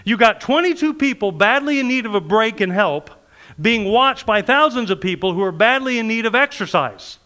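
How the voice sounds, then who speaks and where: Storytelling is at the heart of this man's sermon, delivered in a high, clean voice at a moderate pace. He performs the quoted characters with animation and often laughs mid-sentence.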